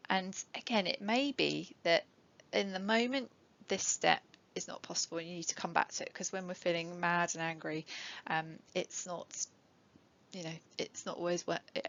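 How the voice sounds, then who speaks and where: Lower-voiced woman on a dull webinar. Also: fairly even intonation, normal speed, vocal fry. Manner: warm conversational, many ums, light laughs. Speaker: educational psychologist. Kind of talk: webinar talk to parents.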